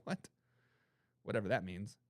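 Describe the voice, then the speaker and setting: A man's voice: lowish voice, moderate pace, dry recording, clean studio sound. A man hosting a football talk show, arguing emphatically and reading chat comments. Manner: emphatic, animated and opinionated, repeats phrases for emphasis.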